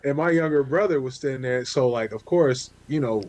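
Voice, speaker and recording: Podcast co-host, male, animated storyteller, casual and loose. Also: a little fast, slight background noise. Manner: animated storyteller, jumps high for quoted asides. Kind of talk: casual chat.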